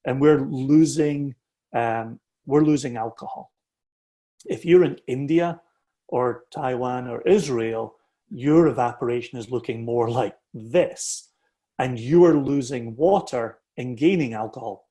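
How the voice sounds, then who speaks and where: A man's voice: medium pitch, dark tone. A man, a whisky bottler giving a passionate explanation that is punctuated with "right?". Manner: emphatic, keeps asking "right?".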